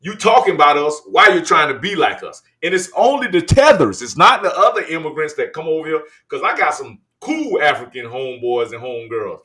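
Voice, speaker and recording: A man's voice: a little high, very animated, brisk, few pauses, bright, forceful tone. A man from the United States hosting casual commentary on video clips, chatty and loose, talking to viewers as y'all. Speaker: host.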